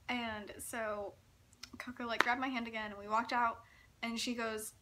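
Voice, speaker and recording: A young woman in her late teens tells her story with giggly, breathless excitement, scattering "like" through every sentence. Her voice sits fairly high and bright. A faint hum runs underneath. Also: fairly quick. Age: young adult. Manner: giggly, breathless, gushing, lots of "like". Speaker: vlogger.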